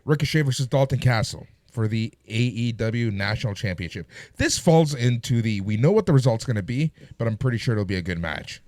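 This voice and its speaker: A man's voice: medium pitch, animated, brisk, few pauses, darkish tone, no room sound. A man co-hosting a wrestling podcast in casual chat, joking and moving the show along.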